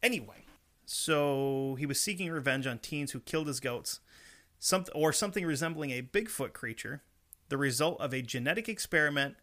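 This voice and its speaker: Bright-voiced man swearing through spooky legends. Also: a little high, moderate pace. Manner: crude, teasing, laughs often. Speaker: podcast co-host. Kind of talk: casual comedic chat, reading legends.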